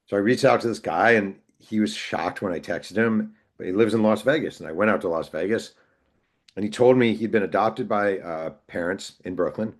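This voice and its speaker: Deep-voiced man telling a story. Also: normal speed. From New York. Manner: animated storyteller, acts out quoted voices. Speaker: author and podcast guest. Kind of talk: conversational storytelling.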